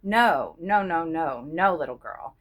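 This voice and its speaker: A woman voicing a doting, anxious husband who talks gently and reassuringly in a slightly husky tone. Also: deep voice, lively intonation, takes it slowly, full character voice. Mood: tender.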